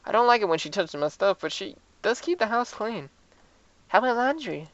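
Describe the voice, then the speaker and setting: A woman's voice: medium pitch, expressive, a little fast, no room sound. A woman reading a visual novel aloud for a let's-play, sometimes tripping over her lines and making fun of herself. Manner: self-mocking, stumbles over lines. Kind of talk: reading game dialogue aloud with commentary. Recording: dull lo-fi.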